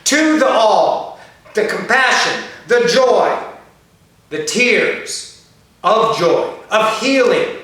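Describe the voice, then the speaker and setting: A woman voicing a channeled otherworldly spirit, preaching in slow, repeated, incantatory fragments during a spiritual channeling session. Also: mid-range voice, lively intonation, fairly bright tone. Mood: solemn. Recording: very echoey room, distant mic.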